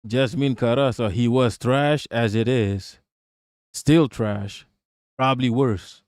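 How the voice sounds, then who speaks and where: A man's voice: medium pitch, takes it slowly, darkish tone, dry recording, studio quality. A man hosting a live stream, reacting to news and chatting with viewers in a profane, sarcastic way. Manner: profane, sarcastic, talks to chat. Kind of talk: casual live-stream commentary.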